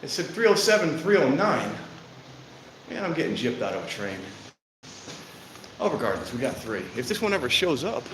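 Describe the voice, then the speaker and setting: Rambling, out-of-breath male streamer outdoors, background noise clearly audible. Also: fairly high pitch, big pitch swings, normal speed, long pauses. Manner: rambling, self-deprecating, thinking aloud. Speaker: train-watching streamer. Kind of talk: casual live-stream chat. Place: outdoors at a train station in rain. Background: outdoor ambience, clear background noise.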